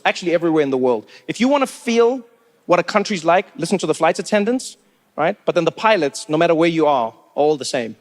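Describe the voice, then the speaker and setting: A man from South Africa performing stand-up on a theatre stage, telling animated, conversational stories into a handheld mic. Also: fairly high pitch. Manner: animated, conversational storytelling, rising into shouts. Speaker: stand-up comedian. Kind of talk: stand-up comedy. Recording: reverberant hall with faint noise.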